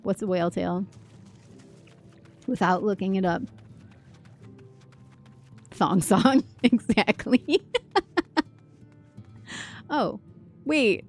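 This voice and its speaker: A giggly woman streamer talking casually into a desk mic while she plays. She speaks slowly and lazily, with a gravelly, fry-heavy voice, and faint music plays behind her. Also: mid-range voice. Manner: giggly, chatty, reacting to chat. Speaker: game streamer. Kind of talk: casual livestream chat.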